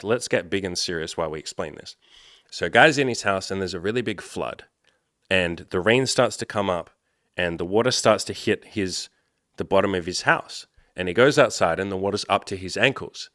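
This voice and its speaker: A man in his thirties, a life coach, giving a blunt, animated motivational talk. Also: on the low side, no echo, clean studio sound. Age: 30s. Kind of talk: motivational vlog monologue.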